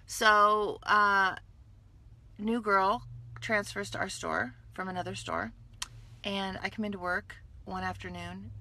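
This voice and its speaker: A woman in her fifties from California hosts a casual livestream into her phone. Her voice is bright and forceful, and she is playful and animated. She keeps breaking off to greet viewers by name. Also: mid-range voice, unhurried. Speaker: livestream host selling skincare. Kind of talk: casual Facebook Live chat.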